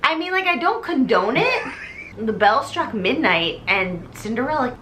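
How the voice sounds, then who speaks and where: A tipsy young woman retells a stage musical for laughs, her talk packed with "like" and quick character voices. Her voice is bright and sits high, and a faint hiss of noise runs underneath. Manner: animated, many "like" fillers, slips into quick character voices. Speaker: comedic host retelling a musical. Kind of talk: tipsy comedic storytelling.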